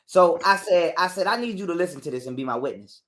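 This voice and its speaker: A man's voice: high voice, fast talker. A man, an interview guest, telling a profane story in casual conversation and acting out other people's lines as he goes. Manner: animated retelling that acts out other people's lines.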